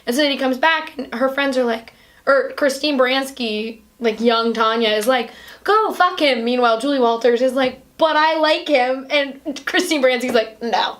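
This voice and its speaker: High-voiced woman gushing through a recap. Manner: animated, fast retelling with many "like"s and acted-out quotes. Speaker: podcast host. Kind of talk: casual chat recapping a film.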